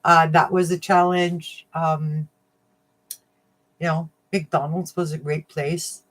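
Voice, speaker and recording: A woman hosting a casual crafting livestream, chatting warmly with viewers, getting emotional and laughing often. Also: low voice, flat delivery, slow. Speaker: livestream host of a crafting channel.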